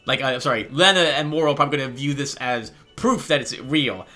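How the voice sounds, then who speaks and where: A man's voice: mid-range voice, a little fast, bright, forceful tone, soft background music. A man narrating and commenting on a story game he plays, thinking aloud casually. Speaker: let's play host. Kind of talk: let's play commentary and narration.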